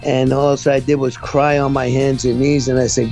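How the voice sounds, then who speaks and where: Gravelly New man, halting testimony. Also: medium pitch, little pitch movement, a little mellow, faint music behind. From Brooklyn, New York. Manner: halting, restarts often, many fillers. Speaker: guest. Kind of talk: personal testimony in an interview.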